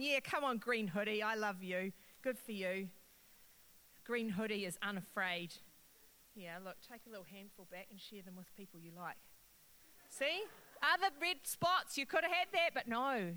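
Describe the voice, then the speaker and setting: A middle-aged woman preaching a lively sermon and talking directly to her congregation. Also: a little high, low-quality recording. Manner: animated, playful, talks directly to the crowd.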